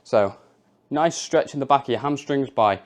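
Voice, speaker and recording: A young man talks through a home workout as he demonstrates each move. His delivery is chatty and informal, at an ordinary pitch. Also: normal speed. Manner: casual, chatty, demonstrating moves while explaining. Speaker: fitness coach.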